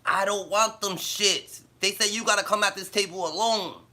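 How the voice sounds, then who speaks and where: A livestreamer with a high, bright, forceful voice speaks at normal speed. He rants and shares blunt, profane stories in slang on a casual stream, often breaking into laughter.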